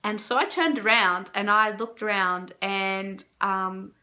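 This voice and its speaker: A young woman telling a story to camera in a casual, animated way, with lots of fillers and her own reactions jumping up high. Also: slow pace. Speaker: vlogger.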